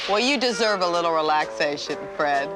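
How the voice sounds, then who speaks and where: A bubbly woman TV reporter, giggling between her lines, speaks slowly with a lively, swooping pitch. Music plays behind her. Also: rough recording. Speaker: TV field reporter. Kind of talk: TV feature reporting.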